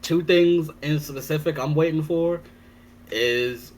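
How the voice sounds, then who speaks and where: A man's voice: a little high, slow pace. A man as a guest on a casual podcast, playful and teasing.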